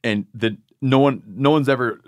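Man, podcast host, casual banter, mid-pitched voice, dry close mic. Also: no echo. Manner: jokey, talks fast in bursts. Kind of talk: casual chat.

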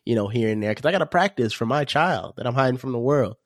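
A man's voice: mid-range voice, expressive, fast, dry recording, studio quality. A man co-hosting a podcast, chatting casually in a playful, slangy way. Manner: playful, slangy, jokes around. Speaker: podcast co-host. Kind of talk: casual chat.

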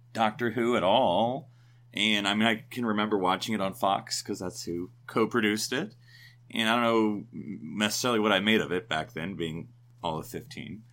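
A man's voice: on the low side, a little fast, sharp tone. A man in his forties from the United States, co-hosting a podcast in casual, digressive, upbeat chat. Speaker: podcast co-host.

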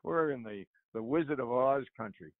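An older man and author, a guest telling animated stories and chuckling, often repeating his words. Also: medium pitch, normal speed, no room sound. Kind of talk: conversational storytelling on a radio show. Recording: tinny phone line.

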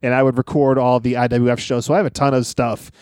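A man's voice: mid-range voice, little pitch movement, fast, a little mellow, smooth, dry recording, clean studio sound. A man chatting casually on a wrestling podcast, rambling through old stories and laughing often.

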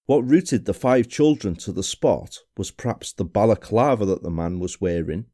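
A man hosting a podcast, telling a true-crime story in a measured, somber way. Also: on the low side, warm tone. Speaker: podcast host. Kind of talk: scripted true-crime narration.

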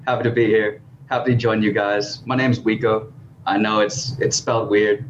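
A friendly, eager man raised in Texas joins a video call as a guest. His voice sits a little low. The call audio is dull and muffled with a faint hiss. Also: flat delivery, normal speed. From Philippines, raised in Texas. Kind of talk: casual chat.

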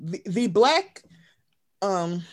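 A woman's voice: mid-range voice, big pitch swings, very slow, darkish tone. A woman co-hosting a casual chat, ranting emphatically and profanely, acting out quoted voices. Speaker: podcast co-host.

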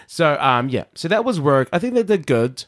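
A man's voice: a little high, normal speed. Giggly man hosting a podcast. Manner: giggly, animated storytelling. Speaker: podcast co-host. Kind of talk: casual chat.

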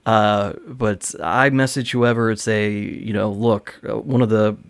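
A man's voice: lowish voice, steady tone, unhurried, creaky, clear, resonant tone. A man hosting a podcast, telling a backstage story in a loose, rambling way, swearing casually and laughing now and then. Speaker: podcast host, wrestling promoter.

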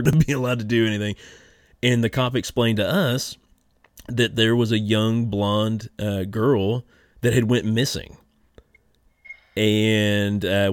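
Laid-back podcast host, dry sound. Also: male voice, fairly low pitch, clear, resonant tone, no echo. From Kentucky. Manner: laid-back storyteller who laughs often. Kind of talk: casual podcast chat.

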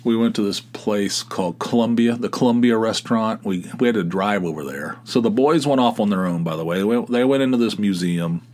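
A man's voice: fairly low pitch, fairly quick, hardly any pauses, a little mellow. A middle-aged man hosting a podcast, telling a rambling, sarcastic story in casual talk, with many restarts. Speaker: podcast host.

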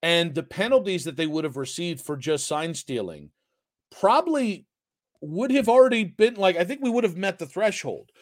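A man's voice: sits high, animated, moderate pace. A man co-hosting a sports podcast, blunt and sarcastic, swearing freely in casual debate.

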